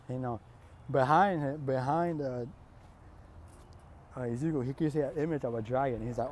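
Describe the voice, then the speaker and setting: A young man spins an improvised fan story off the cuff, rambling in slang and correcting himself mid-sentence. His voice is mellow and warm, at an ordinary male pitch. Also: normal speed, pauses often, slight background noise.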